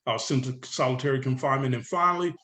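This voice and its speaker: A middle-aged man from San Diego, a guest in a casual interview, retelling his past in a rambling, animated way full of filler words. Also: medium pitch, racing. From San Diego, California. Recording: roomy echo.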